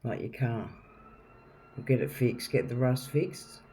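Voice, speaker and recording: A man's voice: mid-range voice, measured pace, mellow. A man giving a casual tarot reading at home, chatty and rambling, calling the viewer darling. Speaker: tarot reader. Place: home, with a noisy neighbour drilling nearby. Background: faint drilling and household noise.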